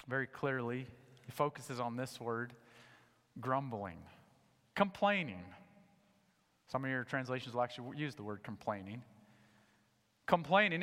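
A man preaching a sermon to a church congregation, animated, swinging between loud emphatic points and low, quiet asides. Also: big-room sound. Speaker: pastor. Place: church sanctuary.

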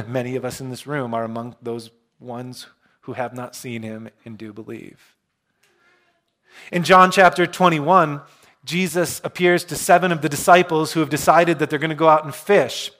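A male pastor preaching a sermon, retelling scripture in a relaxed, storytelling way with self-deprecating humor. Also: medium pitch, unhurried.

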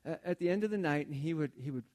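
A man's voice: on the high side, animated, fast talker, darkish tone. A man preaching a sermon in a conversational way, often repeating words as he tells a story. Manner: conversational, repeats words while building a point. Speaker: pastor.

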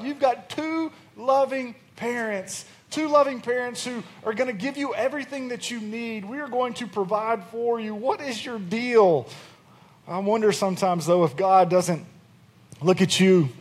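High-voiced pastor preaching to a church. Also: male voice, measured pace, a little mellow. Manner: conversational preaching, rising in force. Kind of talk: sermon.

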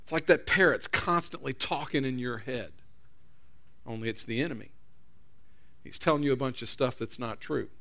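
A man's voice: medium pitch, moderate pace, creaky, long pauses, bright, forceful tone. A man preaching a sermon as pastor, in a conversational storytelling way with repeated restarts.

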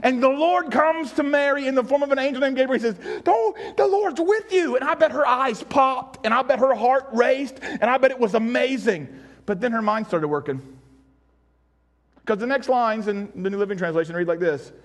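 A man preaching a sermon as pastor, animated, acting out voices and shouting at times for emphasis. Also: very high-pitched, brisk.

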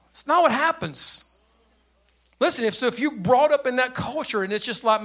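Older man, pastor, sermon, high voice, bright forceful tone, lively plain talk. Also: fairly quick. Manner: animated preacher with a light, high voice and plain speech.

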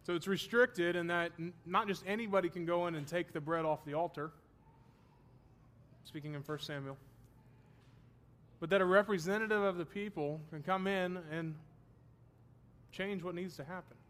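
A man's voice: sits high, moderate pace, pauses often, fairly bright tone. A man teaching a Bible study class, explaining terms and checking that his students follow, with the odd self-deprecating joke.

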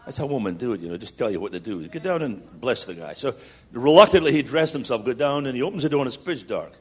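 A man preaching as a guest speaker, building to loud repeated declarations and slipping in jokey stories. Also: mid-range voice, expressive, fast, slightly rough. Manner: jokey storytelling asides. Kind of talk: sermon.

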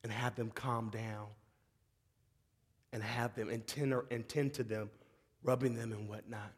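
Animated preacher man in a reverberant hall. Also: medium pitch, measured pace, breathy edge. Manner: swings from shouting excitement to hushed, tender tones; calls out to the audience as "y'all". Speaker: pastor. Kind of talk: sermon.

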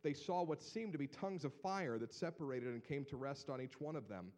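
A man from Northeast Ohio preaching a sermon, with a Northeast Ohio accent. He talks animatedly and builds to loud, emphatic proclamations. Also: medium pitch, a little fast. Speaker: pastor.

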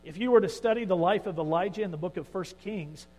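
A man with a high, bright preaching voice leads a sermon and tells the story with vivid emphasis. He drops to quiet asides, then rises again. A long reverb fills the hall around him. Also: quick pace. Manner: storytelling, shifting between hushed and emphatic. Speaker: pastor.

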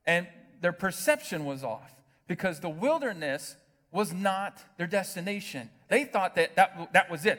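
A male pastor delivering an animated sermon with a slightly high-pitched voice. He keeps the congregation engaged with rhetorical questions. The sound carries a long echo from a large hall. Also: measured pace. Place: church hall with long reverb.

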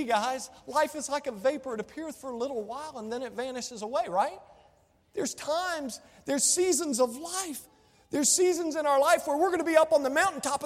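A man's voice: high-pitched, long reverb tail. A man preaching a sermon as pastor, impassioned and repeating phrases for emphasis.

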